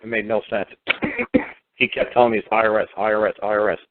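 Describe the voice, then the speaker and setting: A man's voice: fairly low pitch, fairly even intonation, a little fast. A man speaking on a talk show, hammering his points with repeated rhetorical questions. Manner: emphatic, repetitive rhetorical questions. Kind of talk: phone talk show discussion. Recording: phone line.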